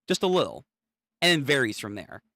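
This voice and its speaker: A man's voice: mid-range voice, wildly swooping pitch, fairly quick, sharp tone, no echo, clean studio sound. A young man hosting a comic read-through, reacting with hyped, slangy chatter and casual swearing.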